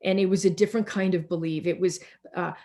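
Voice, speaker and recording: A woman minister preaching slowly and reflectively over a video call, pausing and restarting often, tired as she speaks. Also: fairly low pitch, steady tone, warm tone. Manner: slow, reflective, with many restarts and pauses.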